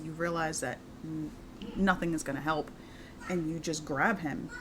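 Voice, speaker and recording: A woman's voice: deep voice, fairly even intonation, measured pace. A woman running a tabletop game as game master, narrating in an easygoing way with fillers and laughter. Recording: clear background noise.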